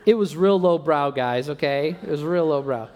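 A young adult man preaching a sermon, telling a self-mocking story and acting out the dialogue with lively energy. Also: on the high side, moderate pace. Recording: long reverb of a large hall.

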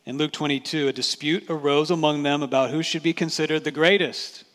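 A man's voice: fairly high pitch, fairly even intonation, fairly quick, hardly any pauses, a bit bright. A man preaching a sermon as pastor, talking to the congregation in a conversational way and asking rhetorical questions. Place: church sanctuary. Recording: church hall reverb.

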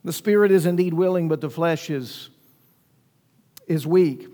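A man's voice: a little high, unhurried, dark tone, big-room sound. A man preaching a sermon with emphatic delivery, asking rhetorical questions and acting out quoted lines. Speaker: pastor.

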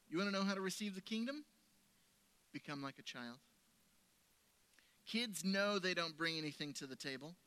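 A man preaching a sermon at a church service, his fairly high voice bright and forceful. He tells stories in a conversational way, pushing some lines out loudly and letting others fall soft and low. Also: lively intonation, moderate pace, pauses often, clear, resonant tone. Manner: conversational storytelling, swinging between loud emphasis and soft lowered tones. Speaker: pastor.

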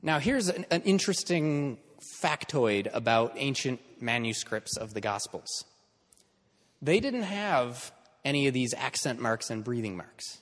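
A man's voice: medium pitch, very animated, unhurried, a bit bright, in a large hall. A man teaching an in-person class in a conversational lecture style, checking in with his students as he explains.

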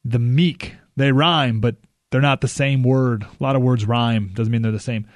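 A man's voice: mid-range voice, fairly even intonation, moderate pace, no echo. A man hosting a call-in radio talk show, talking casually with frequent restarts and dry sarcasm. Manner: conversational, restarts often, joking sarcasm. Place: radio studio.

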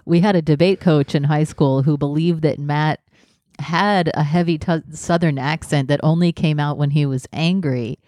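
A man with a mellow, dark voice hosts a casual podcast, joking and rambling from one thought to the next. The sound is dry and close. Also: on the high side, fairly even intonation, normal speed, no room sound. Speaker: podcast host.

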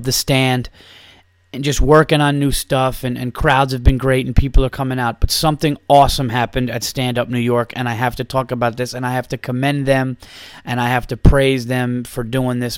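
A man in a casual podcast monologue, rambling and swearing freely as he tells a story, circling back and restarting his sentences. His pitch sits right in the middle for a man. The sound is close and dry, with no room around it. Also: dry recording. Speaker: podcast host and stand-up comedian.

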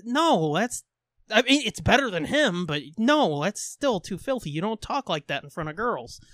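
A man's voice: sits high, big pitch swings, normal speed, a bit bright, dry recording. A man telling a joke and voicing a scolding teacher in his near-normal voice, dry close sound. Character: strict female teacher in a joke.

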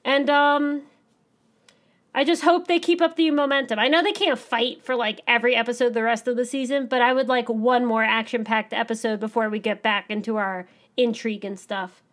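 Animated, excitable woman chatting. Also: a little high, moderate pace. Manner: animated, excitable, acts out lines. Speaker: podcast co-host. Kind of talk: casual chat about an anime episode.

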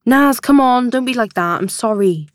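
A woman voicing a brisk, impatient husband. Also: on the high side, animated, no echo, clean studio sound, voice pushed up, natural voice. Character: busy, impatient husband at work.

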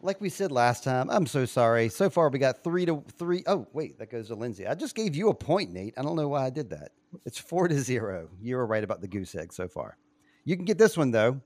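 A man's voice: mid-range voice, big pitch swings, a little fast, darkish tone, dry recording. A man hosting a casual chat, playfully quizzing his co-hosts and laughing often. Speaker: podcast host quizzing co-hosts.

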